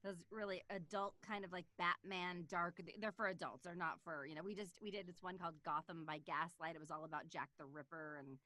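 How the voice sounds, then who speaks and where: A woman voice actress chatting as an interview guest, excitable and animated, often laughing. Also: lowish voice, fairly quick, hardly any pauses, no echo. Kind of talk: casual interview chat.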